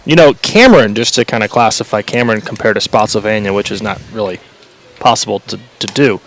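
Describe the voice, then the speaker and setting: A man working as color commentator on a baseball radio broadcast, adding short reactions and relaxed banter. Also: fairly low pitch, brisk, a little hiss or hum.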